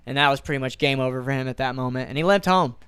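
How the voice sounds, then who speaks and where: A young man co-hosting a podcast, telling a story in an animated, casual way and acting out what people said. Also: medium pitch, very fast, smooth, no room sound. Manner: animated storyteller, acts out quotes, swears casually. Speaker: podcast co-host. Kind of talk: casual chat.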